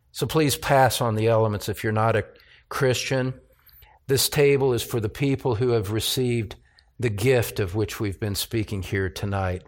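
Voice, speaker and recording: A male pastor giving an earnest sermon and communion prayer, pleading and measured. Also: mid-range voice. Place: church.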